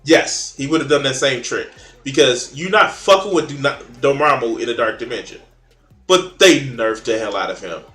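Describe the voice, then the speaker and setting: A man's voice: mid-range voice, lively intonation, moderate pace, bright, forceful tone, reverberant. A man in casual chat, blunt and opinionated, swearing freely while arguing about comics.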